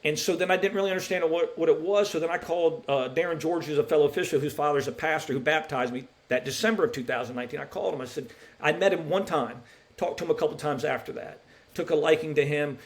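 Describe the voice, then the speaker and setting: Middle-aged man, podcast guest; earnest, emotional testimony, slightly higher voice, frequent restarts. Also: fast. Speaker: podcast guest, college basketball referee. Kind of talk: personal testimony in a podcast interview.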